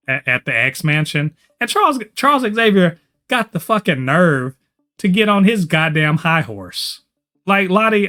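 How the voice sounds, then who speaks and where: Animated, profane male podcast co-host. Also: mid-range voice. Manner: animated, profane, swings up loud when excited. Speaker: co-host of a TV review show. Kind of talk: casual podcast review chat.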